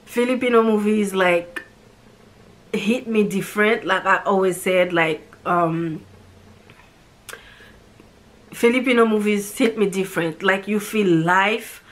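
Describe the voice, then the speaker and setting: A woman from Haiti talks casually about a film that moved her. Her voice sits at an ordinary middle pitch. She rambles and gets emotional as she acts out the characters' lines. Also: slow pace, long pauses. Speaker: movie reviewer.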